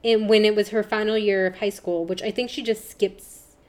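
Relaxed woman podcast co-host. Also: medium pitch, moderate pace. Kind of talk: casual chat.

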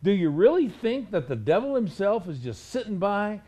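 A man's voice: high voice, big pitch swings, moderate pace, mellow. A male preacher delivering a stern sermon, pressing his listeners with rhetorical questions.

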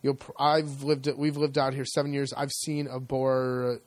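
A man's voice: mid-range voice, little pitch movement, normal speed, no room sound. Rambling man podcast co-host. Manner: rambling explainer with restarts. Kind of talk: casual chat.

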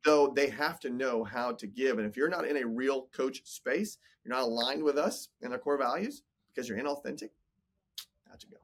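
A man's voice: mid-range voice, normal speed. A man in his forties, a business coach talking in a casual podcast interview, emphatic and motivational, often repeating words. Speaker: business coach and entrepreneur guest.

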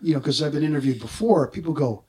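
A man in his sixties, a former Marine, telling lively stories in a casual interview and acting out other people's voices. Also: on the high side, quick pace, breathy edge. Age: 60s. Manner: animated storyteller who acts out other people's voices. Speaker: guest, former Marine combat artist.

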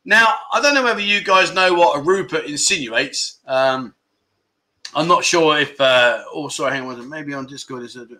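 A man's voice: on the high side, normal speed, sharp tone. A man hosting a casual livestream, chatty and jokey, bantering with viewers and reading out their comments in slangy, easygoing talk. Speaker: livestream host.

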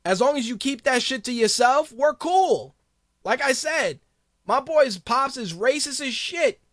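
A man's voice: very high-pitched, expressive, a little slow, a bit bright, no echo, studio quality. A man hosting a podcast, ranting bluntly and crudely in a heated, profane monologue. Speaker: podcast host.

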